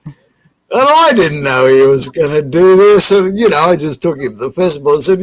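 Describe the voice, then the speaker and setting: A man's voice: a little high, expressive, normal speed, no echo, poor audio. A man on a podcast telling a rambling, profane story and acting out the quotes. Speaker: podcast co-host. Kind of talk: casual chat, telling a story.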